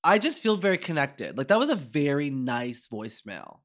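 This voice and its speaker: A woman's voice: a bass voice, sing-song, normal speed. A podcast host who chats animatedly, gushing and filling her talk with "like". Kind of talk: casual chat.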